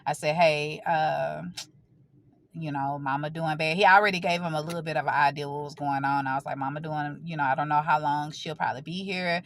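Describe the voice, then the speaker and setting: A woman speaks straight to her viewers in a fairly low voice, telling a painful family story in casual, plain talk. She keeps pushing through as her voice catches, holding back tears. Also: fairly even intonation, brisk, slight background noise. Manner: emotional, fighting back tears, informal and direct. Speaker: vlogger. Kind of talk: personal storytelling to camera.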